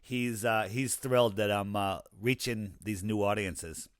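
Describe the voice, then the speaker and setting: A man talking casually as an interview guest, telling anecdotes in an animated way and acting out the dialogue he quotes. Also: on the low side, unhurried, clean tone, dry recording, studio quality. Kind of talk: casual conversation.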